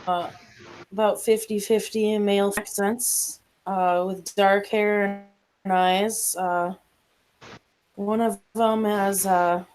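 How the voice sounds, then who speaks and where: A woman with a mid-range voice speaks slowly and haltingly, trailing through filler sounds as she questions a witness and sums up clues during a tabletop game. A faint hiss runs underneath. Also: mid-range voice, level tone, darkish tone, rough recording. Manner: hesitant, many fillers, questioning. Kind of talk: casual tabletop game play.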